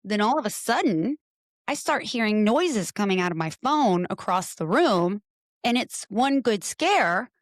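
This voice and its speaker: A woman guest on a podcast, telling stories in an expressive, animated way in casual conversation. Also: mid-range voice, a little slow, no echo, clean studio sound.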